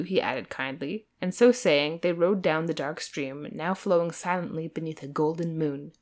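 A woman's voice: deep voice, normal speed, hardly any pauses. Woman narrating a playful dramatic reading. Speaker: podcast host, reader.

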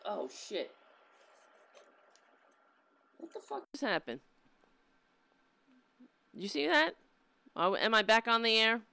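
A woman's voice: fairly high pitch, takes it slowly, vocal fry, pauses often, no echo. Exasperated profane woman streamer. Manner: profane, exasperated, mocking, animated. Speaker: political commentary host. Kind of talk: live-streamed political commentary.

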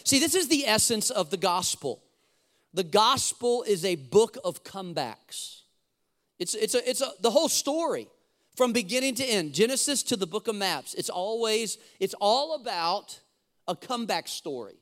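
A man preaching a sermon in church, calling on the congregation to repeat lines back and slowing down to read scripture aloud. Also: sits high, animated, fairly bright tone. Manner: emphatic preaching with call-and-response to the congregation; slows down for scripture readings. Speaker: pastor. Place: church sanctuary.

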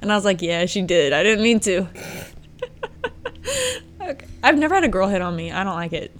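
A young woman hosts a podcast and tells a long story in relaxed, casual chat. She talks in an animated way and breaks into laughter now and then. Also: mid-range voice, fairly quick. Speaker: podcast host.

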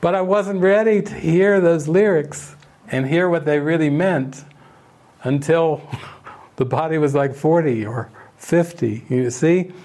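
An older man gives a spiritual retreat talk with a slightly high-pitched voice. He tells stories in a relaxed, storytelling way, breaking into soft laughs. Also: unhurried. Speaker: spiritual teacher. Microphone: online retreat session.

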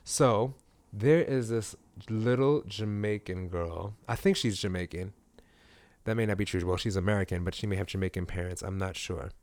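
A man's voice: on the low side, normal speed, a little mellow, no echo. Chatty man with a dry, close sound. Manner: chatty, meandering, lots of fillers. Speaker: podcast co-host. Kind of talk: casual chat.

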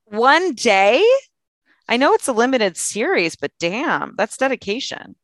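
A woman's voice: a little high, big pitch swings, measured pace, fairly bright tone, no echo. A young woman co-hosting a podcast, chatting and teasing her co-host. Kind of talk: casual chat.

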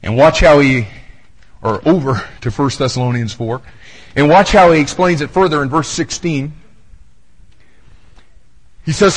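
A male pastor preaching a verse-by-verse sermon in a conversational way, stumbling over restarts and booming out the scripture he quotes. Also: animated, normal speed, breathy edge, rough recording.

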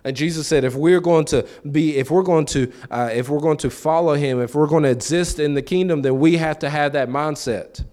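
A man's voice: a little high, brisk, hardly any pauses, a little mellow. A man preaching a sermon in a loose, conversational way, asking the listeners questions and acting out quoted voices. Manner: conversational, repeats words and acts out quoted voices.

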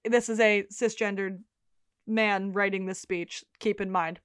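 A woman co-hosting a podcast, animated as she retells scenes in casual chat. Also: mid-range voice, clear, resonant tone, no room sound, clean studio sound. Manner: animated retelling, quotes characters in quick bursts. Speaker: podcast co-host.

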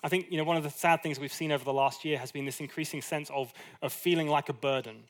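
A man's voice: a little high, quick pace. Conversational man preaching a sermon. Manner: conversational and animated, with asides and acted quotes. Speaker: pastor.

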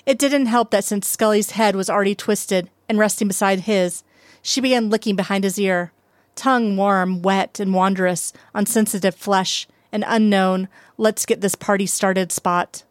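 A woman reading a story aloud as narrator, steady and unhurried. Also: mid-range voice, dry recording. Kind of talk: reading fan fiction aloud.

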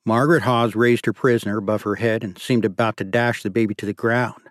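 A man narrating an audiobook in steady, measured scripted storytelling. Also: lowish voice, dry recording, clean studio sound.

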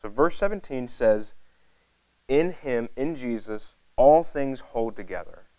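A man's voice: medium pitch, animated, a little slow, mellow, no echo, poor audio. A man preaching a conversational sermon, rambling casually with many fillers and restarts.

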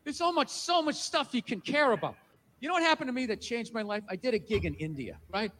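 A man's voice: extremely high pitch, expressive, quick pace, pushed and bright, a little hiss or hum. A man doing a stand-up comedy routine, ranting in a profane way and putting on mocking voices.

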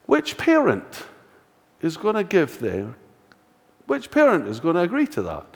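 Scottish pastor preaching in a reverberant church. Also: male voice, a little high, huge pitch swings, measured pace, pauses often. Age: older. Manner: conversational, rhetorical questions, dry self-mocking humour. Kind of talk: sermon. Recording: long reverb of a church hall.

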